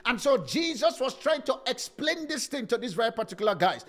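A man preaching a sermon with passion, swinging into sing-song cadences and rising to shouts. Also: very high-pitched, sing-song, fairly quick.

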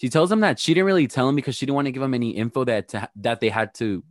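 A man's voice: medium pitch, rapid-fire, no echo, studio quality. A man co-hosting a casual podcast, recapping a reality show with blunt, gossipy commentary. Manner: gossipy, blunt, playfully shady. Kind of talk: casual chat.

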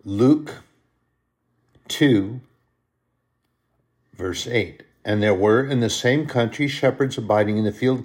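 A man preaching a sermon, impassioned and emotional, swelling loud on scripture verses and then dropping to a soft, hushed tone. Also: medium pitch, slow, long pauses. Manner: emotional, moved while reading.

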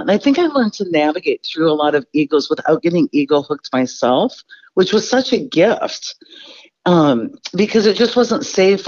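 A woman's voice: sits low, a little mellow, lo-fi sound. A woman guest speaker on a podcast, telling candid, self-deprecating stories about her life. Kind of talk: storytelling interview answer.

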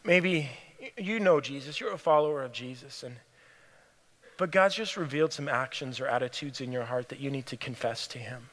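A man preaching a sermon, telling a story in an earnest way and often dropping to a hushed, near-whispered voice. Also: mid-range voice, brisk. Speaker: pastor. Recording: long hall reverb.

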